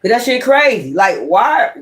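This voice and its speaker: Tarot reader, man with a high voice; casual vlog monologue, rambling, profane, emphatic. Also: very animated, a little slow, fairly bright tone.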